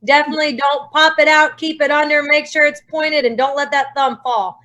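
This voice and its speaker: A woman panelist speaking briskly and confidently in casual talk. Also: high-pitched, fairly even intonation, sharp tone.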